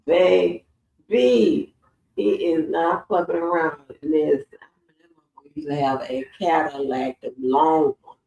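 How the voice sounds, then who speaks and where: A woman hosts a casual livestream, swearing and laughing through her stories. Her low, creaky, mellow voice is slow with fairly even intonation, and the roomy, distant recording has its highs cut off.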